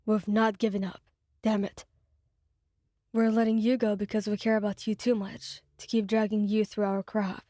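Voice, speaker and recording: Woman playing a gruff young man in a breakup ASMR story; low, raw, frustrated. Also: flat delivery, moderate pace, warm tone, dry recording, studio quality, natural voice. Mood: strained.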